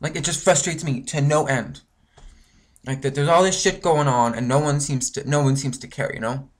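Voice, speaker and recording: A man's voice: on the high side, steady tone, moderate pace. Angry, cursing man from Canada. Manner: frustrated, profane, rambling with many fillers. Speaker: vlogger. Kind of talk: angry ranting monologue.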